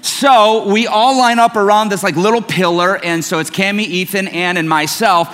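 A man's voice: high-pitched, normal speed, a bit bright. A middle-aged man preaching a sermon as pastor, telling stories in a conversational, self-mocking way. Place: church sanctuary. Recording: long reverb of a church hall.

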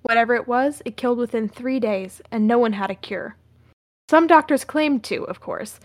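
A woman co-hosting a podcast, playful and quick to laugh, reading a narrated script aloud. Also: a little high, no echo. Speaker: podcast co-host and reader.

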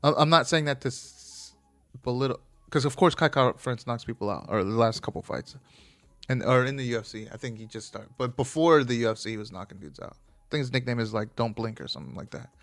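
A man's voice: mid-range voice, a little fast, vocal fry. Rambling, swearing man chatting casually. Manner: rambling, profane, keeps correcting himself. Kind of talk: casual chat about fights.

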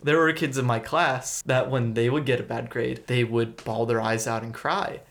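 A man's voice: medium pitch, fairly even intonation, moderate pace, fairly bright tone. A young man, co-hosting a podcast and telling a rambling school story with casual swearing. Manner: laid-back, rambling, swears freely. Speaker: podcast co-host.

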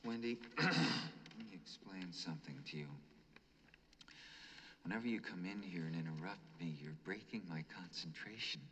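A man doing an impression of a seething male writer who coldly lectures his wife and then shouts at her. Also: deep voice, normal speed, in a large hall. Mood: menacing. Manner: cold, menacing lecture rising to shouts. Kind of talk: impression of a film scene.

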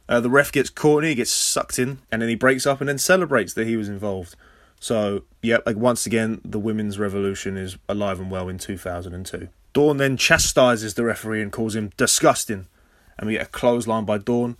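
An English man hosting a casual podcast recap, sarcastic and swearing freely, with sudden loud high outbursts. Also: fairly quick, dry recording, clean studio sound. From England. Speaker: podcast host.

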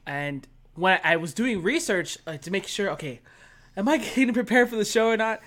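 A man's voice: high voice, lively intonation, moderate pace, a bit bright. A young man in his twenties, chatting animatedly as a podcast guest. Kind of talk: casual chat.

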